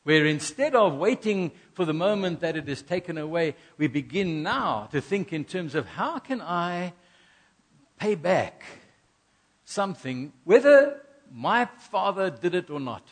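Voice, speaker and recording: A middle-aged man from South Africa preaching a sermon, earnest, repeating key phrases and acting out little asides. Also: fairly high pitch. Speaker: pastor.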